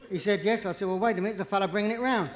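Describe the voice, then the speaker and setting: A man doing live stand-up comedy, cheeky and quick, with jokes that rise into punchlines. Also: high-pitched. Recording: vinyl live recording, audience laughter, distant.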